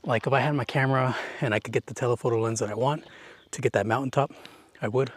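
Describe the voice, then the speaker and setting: A man's voice: medium pitch, steady tone, quick pace, dry recording. A young man chatting his way up a mountain trail, narrating a hiking vlog into a handheld camera in a rambling, filler-heavy way. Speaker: hiking vlogger.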